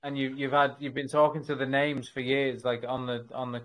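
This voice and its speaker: A man's voice: medium pitch, little pitch movement, brisk, a bit bright. A male stream host with a mid-range voice chats casually. He is blunt and jokey, and he swears freely. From outside the United States. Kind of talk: casual chat.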